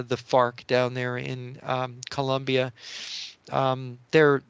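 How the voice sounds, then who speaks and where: A male analyst answering questions in a flat, even voice with a smooth, clear tone. He makes blunt statements, steady but dotted with hesitations. The sound is dry and close. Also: mid-range voice, dry recording. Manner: blunt, steady, many filler "uh"s. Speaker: geopolitical analyst guest. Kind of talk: political interview.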